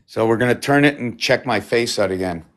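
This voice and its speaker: A man hosting a live stream alone, talking in a meandering, excitable way and often losing his own thread. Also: mid-range voice, brisk. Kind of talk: rambling solo livestream talk.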